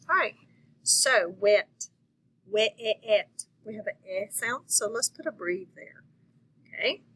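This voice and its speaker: A woman's voice: mid-range voice, bright, forceful tone, a little hiss or hum, low-quality recording. A woman teacher giving a patient phonics lesson to young children, checking in often with them.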